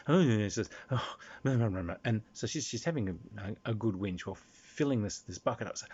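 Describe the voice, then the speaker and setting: Male game master, rambling animated storyteller, dull lo-fi sound. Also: on the low side, fairly quick, breathy edge. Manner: animated, restarts, laughs through telling. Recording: slightly dull lo-fi recording.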